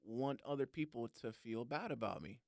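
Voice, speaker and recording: A man's voice: mid-range voice, moderate pace, dry recording. Man, podcast co-host, casual chat, joking manner, dry close sound. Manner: joking, animated, lots of fillers and playful asides.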